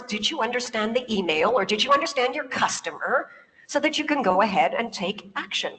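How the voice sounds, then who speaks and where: A woman's voice: a little high, animated, brisk, a bit bright. A native English-speaking woman giving a public talk, telling stories, laughing often and putting questions to her audience. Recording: long reverb of a large hall.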